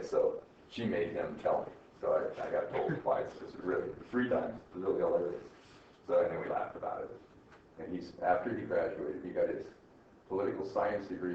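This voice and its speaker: A man's voice: low voice, steady tone, fairly quick. An older man, a college professor, giving a rambling, chatty classroom lecture and laughing at his own stories. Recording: echoey classroom from far off, dull and faintly noisy.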